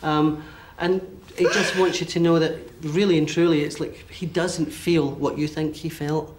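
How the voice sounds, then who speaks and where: Higher-voiced man giving a medium reading. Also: flat delivery, moderate pace. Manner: hesitant, relays messages in bursts with many okays.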